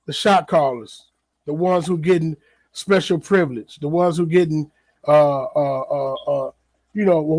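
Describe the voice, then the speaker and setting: Chatty man with a fairly high, dry voice. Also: darkish tone, dry recording. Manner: loose, conversational, repeats words, many fillers. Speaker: podcast host. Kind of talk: casual solo commentary.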